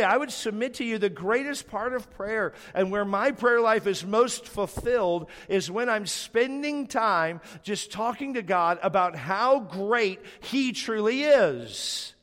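A man's voice: high voice, a bit bright, big-room sound. A man pastor delivering a sermon in a church, emphatic and building phrases in repeated lists.

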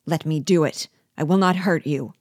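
A woman voicing a frenzied, insistent killer, low and close. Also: moderate pace, a little mellow, no room sound. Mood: urgent. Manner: urgent insistent. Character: frenzied male killer, urgent and harsh.

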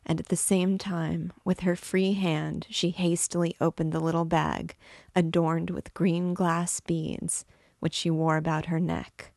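A woman reads a classic novel aloud in a low, unhurried voice. Her storytelling is measured and expressive, with a dry, close sound and no room echo. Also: vocal fry. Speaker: book reader and guide. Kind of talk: literary read-aloud narration.

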